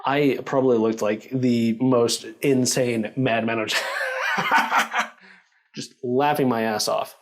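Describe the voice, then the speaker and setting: Male storyteller, mid-pitched, animated casual delivery, lots of fillers. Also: measured pace, hardly any pauses. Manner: animated, acts out quoted lines, filler-heavy; laughs while telling.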